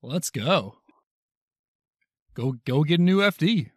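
A man's voice: a little high, expressive, slow, no room sound, clean studio sound. A man co-hosting a podcast, tossing in short jokey quips during casual chat. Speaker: podcast co-host.

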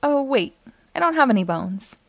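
A woman voicing an anxious little male toy snowman in a storybook read-aloud, fretful and excited. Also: high voice, moderate pace, gravelly, no room sound, pitched above the performer's own voice, heavily acted.

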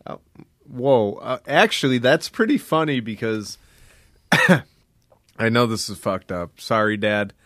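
A man's voice: mid-range voice, slow, long pauses, no room sound, clean studio sound. A young man co-hosting a casual podcast, joking and swearing freely as he tells stories. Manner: profane, joking, animated storytelling. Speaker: podcast co-host. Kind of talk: casual chat.

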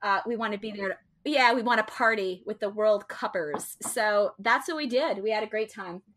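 Casual woman co-host, bright voice, rambling anecdote delivery. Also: mid-range voice, normal speed. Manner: chatty storyteller, many fillers and restarts. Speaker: co-host telling a travel story. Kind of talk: casual chat.

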